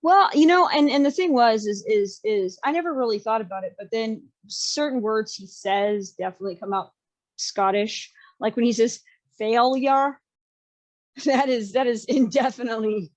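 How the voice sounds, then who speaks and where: A woman's voice: a little high, expressive, moderate pace. Chatty Southern American woman. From Southern United States. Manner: chatty and opinionated, laughs often. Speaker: podcast host. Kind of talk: casual chat.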